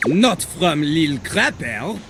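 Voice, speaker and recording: A cocky French toilet rapper. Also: male voice, fairly high pitch, sing-song, slow, over music, exaggerated voice. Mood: boastful. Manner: boastful, raps and beatboxes in rhyme.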